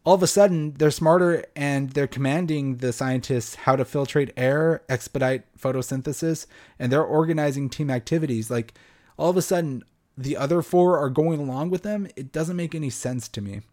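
A man's voice: on the high side, normal speed, darkish tone. A young man hosting a podcast, giving a blunt, sarcastic film review and swearing freely. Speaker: podcast host. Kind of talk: casual film review monologue.

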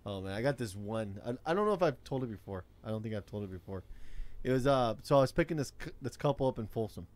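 A man's voice: medium pitch, lively intonation, fast, darkish tone. A man, telling a profane rideshare-driving story in casual chat. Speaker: rideshare driver.

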